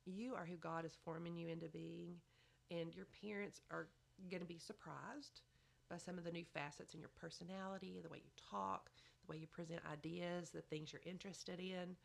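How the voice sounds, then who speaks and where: A woman's voice: on the low side, steady tone, normal speed, vocal fry. A woman giving motherly advice in a chatty podcast conversation, often saying "you know". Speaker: podcast guest. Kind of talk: casual advice chat.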